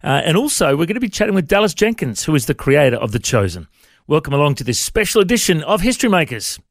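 Man, Australian accent, podcast host, slightly high voice, dry close sound. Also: very animated, fast, gravelly, no room sound. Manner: friendly, says mate often. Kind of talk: interview hosting.

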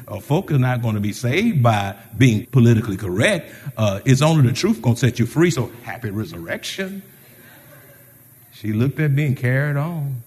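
A pastor preaching a lively sermon, calling out to the congregation and driving his points with sudden raised emphasis. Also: mid-range voice, brisk, few pauses, breathy edge, long reverb tail.

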